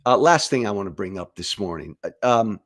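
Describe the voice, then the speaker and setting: Hosting a political commentary show, a middle-aged man talks straight to camera, emphatic, repeating phrases and restarting with stammers. He sounds on the low side, brisk, with lively intonation.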